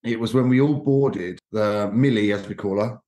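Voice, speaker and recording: A man's voice: on the low side, normal speed. A man chats as a podcast guest, telling stories with feeling and acting out what others said. His voice sits in a noticeably roomy, echoey space. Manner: animated, emotional storyteller who acts out quotes. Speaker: podcast guest, cruise content creator. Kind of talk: casual storytelling chat. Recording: roomy echo.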